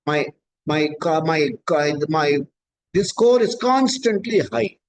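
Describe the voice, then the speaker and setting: High-voiced man teaching scripture. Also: lively intonation, takes it slowly, a crowd in the background, poor audio. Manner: patient, explanatory, repeats key points. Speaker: spiritual teacher. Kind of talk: scripture discourse.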